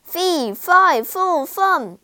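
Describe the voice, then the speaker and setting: A woman's voice: very high voice, animated, drawn-out words, pushed and bright, no echo, clean studio sound, voice pushed up, heavily acted. A woman voicing a huge, greedy male giant who bellows his lines in a storybook reading. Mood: booming. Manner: bellowing, roaring commands. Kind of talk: storybook character voice.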